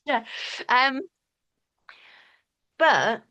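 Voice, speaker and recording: A woman talking candidly as an interview guest, animated and storytelling, casually swearing and acting out quoted dialogue. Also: sits high, extremely slow, highs cut off. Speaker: podcast guest.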